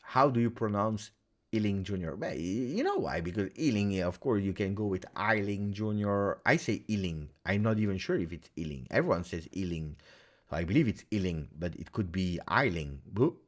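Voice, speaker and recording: A man's voice: low voice, fairly quick. A man hosting a live football reaction stream, reading viewer comments and thinking aloud with lots of "eh?" and "uh". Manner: animated, thinks aloud with many uhs and tag questions. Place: home streaming setup in Belgium.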